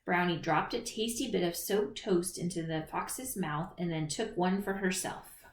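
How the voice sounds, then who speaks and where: A woman reading a children's picture book aloud in an expressive storytelling manner, in a roomy recording. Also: on the low side, unhurried. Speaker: storybook reader. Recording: roomy echo.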